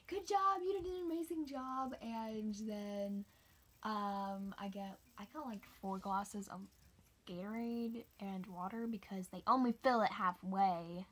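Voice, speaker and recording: A young woman telling a casual, rambling story about her race, sometimes dropping into a whisper. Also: medium pitch. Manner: chatty, rambling, drops into whispers. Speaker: homeschooled cross-country runner.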